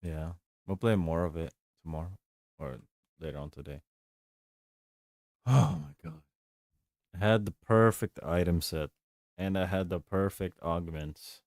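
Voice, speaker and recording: A man's voice: low-pitched, unhurried, pauses often, a little mellow, no room sound, clean studio sound. A man streaming a game and chatting casually, rambling and laughing along the way. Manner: rambling, laid-back, chuckles often. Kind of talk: casual gaming stream chat.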